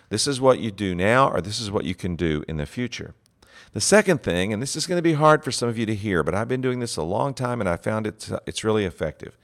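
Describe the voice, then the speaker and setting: Deep-voiced man teaching sermon writing. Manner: earnest, emphatic, stresses single words. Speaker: preaching instructor.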